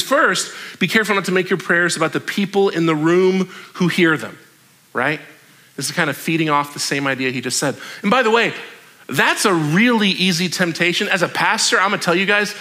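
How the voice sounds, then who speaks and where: A young adult man preaching a sermon as a pastor, conversational and joking, with quick asides. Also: high-pitched, bright, forceful tone.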